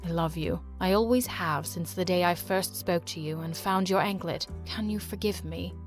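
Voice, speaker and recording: Woman voicing a guilty teen boy, low and hushed, pleading, animated storybook feel. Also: normal speed, soft background music, lightly acted. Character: remorseful teenage boy, soft-spoken.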